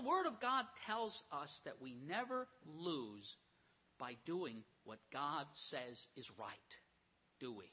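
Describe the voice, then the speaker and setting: A man preaching a sermon, retelling scripture stories with animated storytelling and acted-out voices. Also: fairly high pitch, husky. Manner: animated storytelling, acts out characters.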